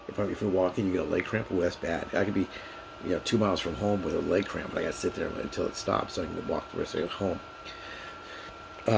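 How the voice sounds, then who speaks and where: A man's voice: low-pitched, creaky, background noise. A man talking casually in a rambling vlog monologue, repeating himself and restarting sentences often. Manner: rambling, repetitive, many restarts and fillers. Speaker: vlogger.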